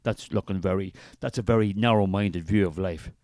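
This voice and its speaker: A man's voice: deep voice, a little fast, darkish tone, no echo. An Irish man playing a preachy, fervent male spirit of artistic creativity who rambles grandly in a comic character sketch.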